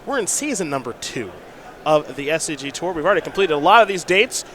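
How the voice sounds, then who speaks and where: A man doing casual, chatty commentary banter at a live card game event, quick to laugh. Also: fairly high pitch, expressive, a bit bright.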